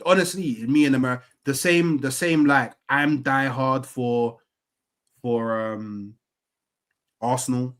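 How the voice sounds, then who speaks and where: A man's voice: medium pitch, fairly even intonation, measured pace, a bit bright. Guy rambling, lots of likes and slang, mid voice. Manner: rambling, filler-heavy, slangy. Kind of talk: casual chat.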